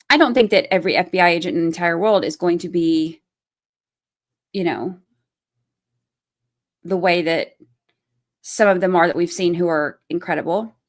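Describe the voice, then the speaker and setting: A woman in her thirties hosts a true crime livestream, speaking casually and bluntly, swearing freely, and reading chat names aloud to answer them. Her fairly low voice is animated, at a moderate pace with frequent pauses.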